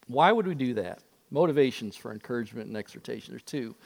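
A man preaching a sermon, an animated storyteller who acts out the voices in his stories. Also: medium pitch, quick pace, creaky, in a large hall. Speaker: pastor.

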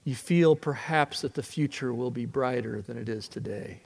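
A man preaching a sermon that retells a story in the second person, earnest and swinging from hushed passages to impassioned ones. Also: mid-range voice, moderate pace, gravelly, husky. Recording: long hall reverb.

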